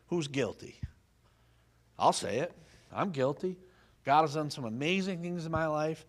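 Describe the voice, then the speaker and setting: A man preaching a sermon, telling a Bible story with lively, folksy humor and questions for the congregation. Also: mid-range voice, moderate pace, vocal fry. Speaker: pastor.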